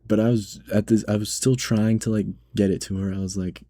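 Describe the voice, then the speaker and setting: A man's voice: on the low side, flat delivery, brisk, hardly any pauses, warm tone, no echo. A man who works as a grocery cashier tells a story in a casual vlog, rambling with lots of "like" and "right?" and sounding nervous and indignant.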